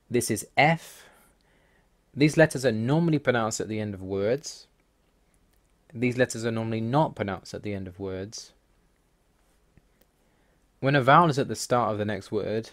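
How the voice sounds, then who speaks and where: A language-learning video host with a voice on the low side speaks at a moderate pace in a slide voice-over. He methodically lists language rules one by one, sounding wry and mildly exasperated.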